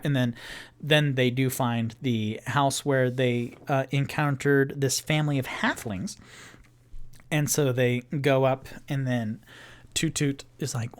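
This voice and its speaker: A man runs a one-person tabletop game on a livestream, narrating slowly and loosely. He stops often on fillers and restarts his sentences as he works out the scene. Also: medium pitch, fairly even intonation. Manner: meandering, filler-heavy narration. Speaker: game master playing solo.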